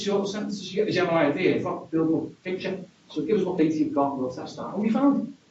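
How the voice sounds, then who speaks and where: Here a conference speaker with a regional accent presents wryly and conversationally, often at his own expense. His voice is on the high side and warm. The recording, made in a conference hall, is distant, dull and echoey, with slight background noise.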